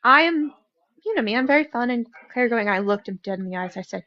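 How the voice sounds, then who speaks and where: A young woman telling a story in casual conversation, lively and full of fillers. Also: fairly high pitch, fast, dry recording. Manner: animated storytelling, many fillers. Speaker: guest. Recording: dry, dull lo-fi sound.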